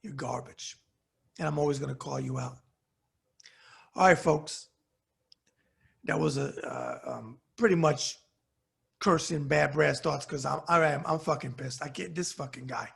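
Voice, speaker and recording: A man's voice: on the high side, measured pace, gravelly, pauses often, a bit bright, husky. A middle-aged man with a New York accent, hosting his own show and delivering an angry, profane rant straight to his viewers. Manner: heated, cursing, blunt. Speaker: commentary show host.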